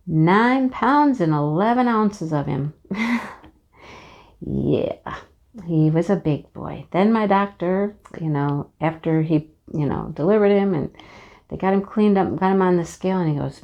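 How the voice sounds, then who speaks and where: A woman's voice: on the low side, unhurried, gravelly, long pauses, a little mellow. A woman in her fifties telling a personal story in a chatty way, laughing often and using lots of fillers. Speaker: craft channel host.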